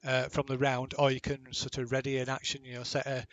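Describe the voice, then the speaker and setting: A man's voice: medium pitch, monotone, quick pace, no room sound. A man running a tabletop role-playing game as game master, patiently explaining rules with plenty of fillers and restarts.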